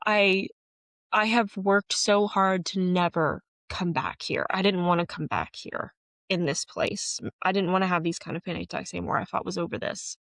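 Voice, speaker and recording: Woman podcast host, personal monologue, earnest and emotional, low-ish pitch, dry close sound. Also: fairly bright tone, dry recording.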